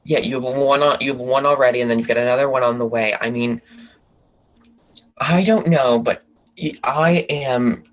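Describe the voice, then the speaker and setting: A man's voice: medium pitch, moderate pace, dull audio. A man from the DC area, a podcast guest chatting casually and rambling through gossip with many restarts. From Washington DC area. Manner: chatty, rambling, self-correcting.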